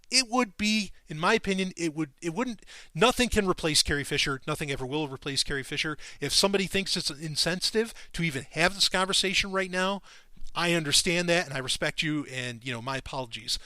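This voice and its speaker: A male podcast host talking casually, excitable and quick to swear. His voice sits a bit high, swings widely in pitch and has a bright, forceful edge. It is recorded dry and close. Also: dry recording. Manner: excitable and profane, voice jumping up when enthused.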